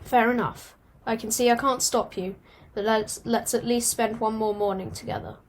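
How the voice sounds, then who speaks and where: A woman voicing a chatty, excitable young male house cat in a storybook reading, asking quick, eager questions. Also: a little high, a little hiss or hum, lightly acted. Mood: worried.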